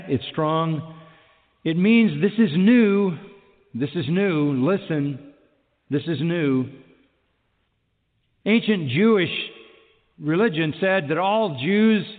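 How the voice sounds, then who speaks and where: A man's voice: sits high, long reverb tail, narrow, tinny audio. A man preaching a sermon emphatically, repeating key phrases and asking rhetorical questions.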